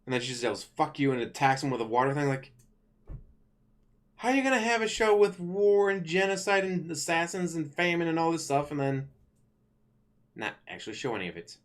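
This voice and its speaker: A man's voice: a little high, lively intonation, fairly quick, pauses often. Rambling man ranting casually. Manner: rambling, self-correcting, blunt with profanity. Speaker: channel host. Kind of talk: casual rant to camera.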